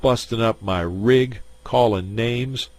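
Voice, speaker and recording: A man voicing an angry crooked game shill who shouts and whines indignantly. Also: deep voice, animated, moderate pace, no room sound.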